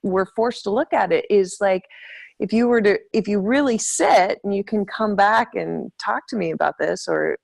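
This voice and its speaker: A woman's voice: medium pitch, moderate pace, creaky, darkish tone. A woman in casual conversation, talking reflectively and hesitantly as she searches for her words.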